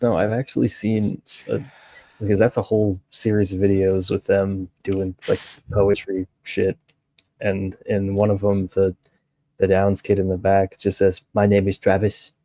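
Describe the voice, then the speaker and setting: A man's voice: sits low, flat delivery, unhurried, warm tone, no echo, poor audio. A man co-hosting a casual late-night chat, hesitant and trailing off mid-sentence.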